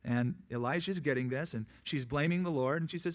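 Conversational preacher with a fairly high voice. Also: male voice. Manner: conversational preaching with quick asides and acted-out quotes. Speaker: pastor. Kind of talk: sermon.

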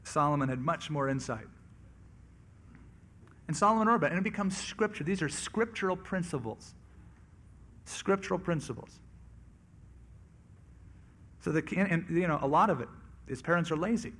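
Conversational male pastor, slightly high voice. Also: animated, moderate pace, long pauses, a bit bright, slightly rough. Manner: conversational, acts out quoted voices. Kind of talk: expository sermon on scripture.

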